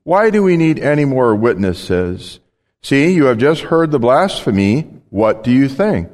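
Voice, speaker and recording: Stern accusing high priest voiced by a male reader, pushes his questions, echoey hall. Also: very animated, measured pace, a little mellow. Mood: demanding.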